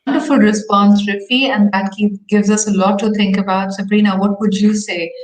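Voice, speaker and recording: A woman's voice: mid-range voice, fairly even intonation, moderate pace. A woman moderating a panel, praising answers and asking guests questions. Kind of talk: live panel discussion. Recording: roomy echo.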